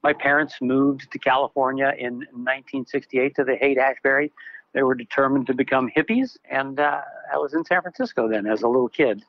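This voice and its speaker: A man's voice: medium pitch, steady tone, brisk, no echo. Wry man from Louisiana with dry, dull sound. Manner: wry, self-mocking humor. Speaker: juggler and entertainer. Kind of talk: casual interview storytelling.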